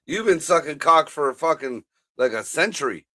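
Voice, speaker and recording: A man's voice: on the high side, lively intonation, moderate pace, bright, forceful tone, dry recording. A man co-hosting a live stream, throwing in blunt, crude wisecracks. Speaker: co-host. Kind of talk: casual crude banter.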